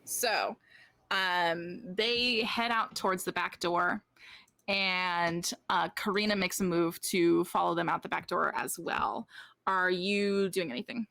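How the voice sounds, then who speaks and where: A woman narrating a tabletop game as game master, unhurried and full of "like" and "um" fillers. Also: lowish voice, fairly even intonation, gravelly, pushed and bright, no room sound.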